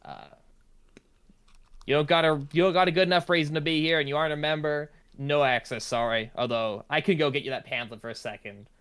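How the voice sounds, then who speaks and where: A man's voice: mid-range voice, fast talker, few pauses, lightly acted. A man voicing a goblin librarian who curtly brushes visitors off as a tabletop game master. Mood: dismissive. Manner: curt, bored, brushes people off. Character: aloof goblin librarian, dismissive gatekeeper.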